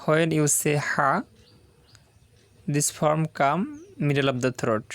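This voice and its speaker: A man's voice: fairly high pitch, fairly even intonation, a little slow, dry recording. A man teaching Arabic letter pronunciation in simple English, repeating each sound several times. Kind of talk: slow letter-by-letter pronunciation lesson.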